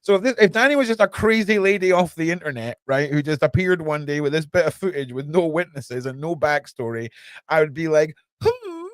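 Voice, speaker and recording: A young man hosting a podcast, chatting excitedly and sarcastically in a casual, slangy way. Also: a little high, a little fast, smooth, no room sound. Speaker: podcast host. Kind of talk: casual livestream chat.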